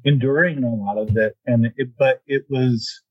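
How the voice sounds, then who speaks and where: A man speaks calmly and reflectively as a podcast guest. The sound is dry and a little dull, like a lo-fi recording. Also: medium pitch, normal speed, no room sound. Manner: calm, reflective, adds to his wife's story. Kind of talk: podcast conversation.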